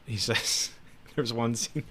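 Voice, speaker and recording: A man's voice: mid-range voice, steady tone, takes it slowly, a bit bright, a little hiss or hum. A man co-hosting a movie podcast, chatting casually and reading film facts and quotes from his notes. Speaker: podcast co-host.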